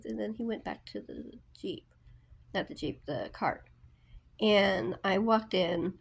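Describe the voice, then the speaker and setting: Woman, casual vlog storyteller, unhurried and rambling, full of fillers. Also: medium pitch, vocal fry. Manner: rambling, many fillers and restarts. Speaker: book vlogger.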